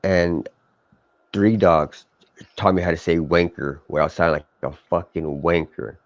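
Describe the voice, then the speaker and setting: Deep-voiced man in crude banter. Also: fairly even intonation, a little slow, no echo. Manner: rambling, profane, many restarts. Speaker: live stream co-host. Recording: dull lo-fi stream audio.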